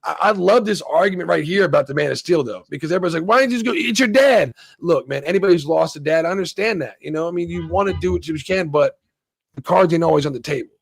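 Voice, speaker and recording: A man in a casual livestream debate about a movie, talking in an animated way, swearing and acting out reactions. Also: on the high side, quick pace, creaky, husky, dry recording. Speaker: podcast host.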